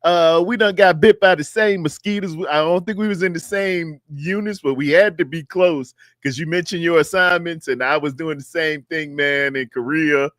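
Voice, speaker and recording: A man's voice: on the high side, normal speed, hardly any pauses, fairly bright tone, dry recording, studio quality. A man hosting a sports fan livestream in a loose, repetitive, chatty way, calling out viewers by name. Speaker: sports show host. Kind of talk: casual livestream chat. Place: home studio in North Carolina.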